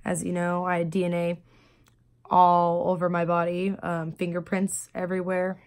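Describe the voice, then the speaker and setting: A woman telling her story in a personal video diary, speaking quietly and haltingly, with many pauses and fillers. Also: on the low side, completely flat delivery. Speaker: vlogger.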